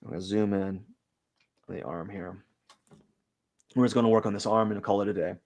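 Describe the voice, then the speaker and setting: A man's voice: lowish voice, fairly even intonation, brisk, a little mellow. A man hosting a live drawing stream, giving casual commentary as he works and thinking aloud in a rambling way, with lots of fillers.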